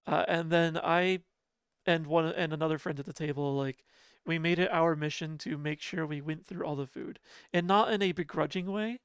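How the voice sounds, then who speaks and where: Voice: mid-range voice, clean tone, no echo, studio quality. A livestreamer chatting casually with viewers from home, laughing often and poking fun at themselves. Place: home apartment.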